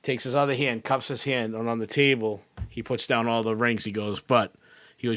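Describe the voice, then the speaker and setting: A man telling an animated story as a podcast guest, quoting the people in it. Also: medium pitch, moderate pace, no echo. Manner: animated, quotes people in his stories. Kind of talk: casual storytelling. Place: podcast recording.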